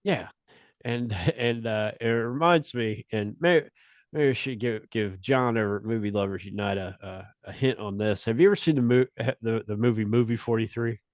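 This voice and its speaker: A man's voice: on the low side, normal speed, no room sound. A man chatting as a podcast guest, telling a story in an easygoing way, full of "you know" and restarts. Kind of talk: casual chat.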